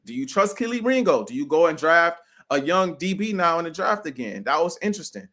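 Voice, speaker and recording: A man with a slightly high voice and a brisk delivery co-hosts a sports podcast. Animated and casual, he throws around slang and "bro" repeatedly while hammering home his firm opinions.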